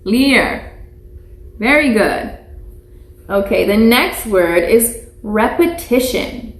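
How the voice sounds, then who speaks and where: A woman's voice: a little high, expressive, drawn-out words. A woman teaching young children in a live online lesson, speaking patiently and repeating each word for them to echo. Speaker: preschool teacher. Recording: echoey room.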